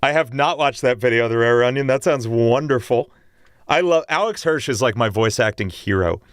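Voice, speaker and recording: A man's voice: mid-range voice, moderate pace, no room sound. A man chatting casually with viewers on a livestream, talking eagerly about singing and voice technique. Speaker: streamer and singer.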